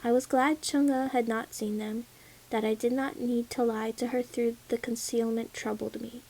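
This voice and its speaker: A woman reading a legend aloud as a first-person storybook narration, measured and solemn. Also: a little high, flat delivery, a little mellow, low-quality recording.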